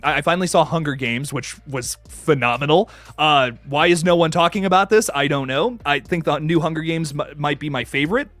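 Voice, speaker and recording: A man's voice: a little high, fairly bright tone, dry recording. A young man hosting a casual live stream, greeting chatters with hype and swearing casually. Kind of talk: casual live stream chat, reading comments.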